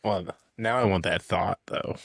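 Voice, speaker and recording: Deadpan low-voiced podcast co-host. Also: male voice, a little slow, vocal fry, breathy edge, no room sound. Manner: dry, deadpan quips. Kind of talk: casual comedic chat.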